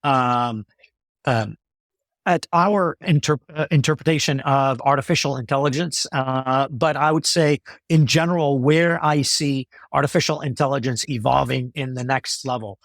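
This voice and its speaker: A male company executive explaining his ideas in a business interview, in a measured way with many fillers and restarts. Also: mid-range voice, a bit bright, no echo, clean studio sound.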